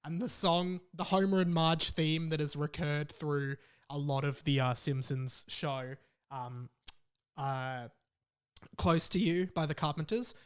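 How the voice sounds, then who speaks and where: A man's voice: on the high side, steady tone, measured pace, clear, resonant tone. A man from Australia hosting a solo podcast, chatting in a rambling, enthusiastic way. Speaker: podcast host. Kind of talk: casual solo podcast chat.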